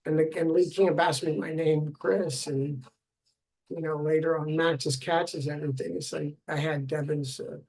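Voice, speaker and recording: A man's voice: on the high side, steady tone, normal speed, gravelly, a little mellow, husky, rough recording. A middle-aged man and father rambling through a personal video diary, meandering with many fillers and restarts. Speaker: father recording a video log.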